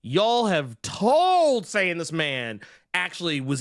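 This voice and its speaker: Animated man in a lively podcast rant. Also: high voice, slow, no room sound, studio quality. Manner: animated, repeats himself, does mocking voices. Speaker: podcast co-host. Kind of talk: casual comedic chat.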